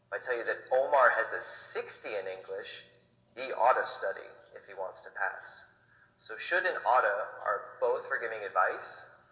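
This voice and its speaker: A man with a low, bright-toned voice teaches English grammar step by step. He explains each rule patiently and models example sentences slowly, then at natural speed. The recording sits in a reverberant room with a long echo tail. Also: expressive, distant mic.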